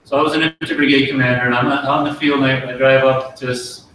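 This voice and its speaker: A middle-aged man, an army officer, giving an earnest promotion speech and telling a folksy story with pauses and restarts. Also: medium pitch, little pitch movement, fairly bright tone, far from the mic, a little hiss or hum. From United States. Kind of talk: ceremony speech with war story. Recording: very echoey hall, voice from afar.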